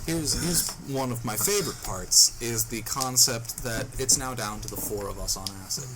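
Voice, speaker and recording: Young man telling a story, noisy recording. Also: lowish voice. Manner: recounting a story, reading from his notes. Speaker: podcast host. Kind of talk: casual storytelling chat.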